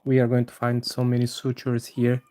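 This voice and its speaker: Mellow-voiced man teaching live anatomy drawing. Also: medium pitch, monotone. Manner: halting, many fillers and restarts, friendly to viewers. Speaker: anatomy drawing livestream host. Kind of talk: live drawing tutorial with chat greetings.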